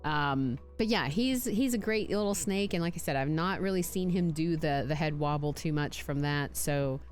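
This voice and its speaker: A chatty woman talking casually on a live stream, her voice sitting on the low side. She rambles with playful restarts. Soft music plays faintly in the background. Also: normal speed. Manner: chatty, playful, talks with lots of likes and restarts; puts on silly voices for her snake. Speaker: streamer showing her pet snakes.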